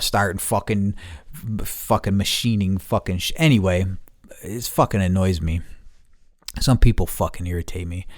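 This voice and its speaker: In studio-quality audio free of echo, a man with a fairly low voice, a podcast host, rants furiously and profanely. He keeps repeating himself and starting sentences over as he lets off steam.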